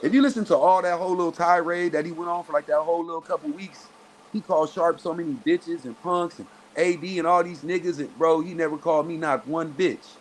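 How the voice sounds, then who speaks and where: A man from Southern California tells a story as an interview guest, his voice sitting a touch higher than most men's. He talks in a loose, profane, lively way and jumps into other people's voices as he goes. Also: fairly quick, slight background noise. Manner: animated, profane, acts out quoted voices. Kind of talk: casual storytelling.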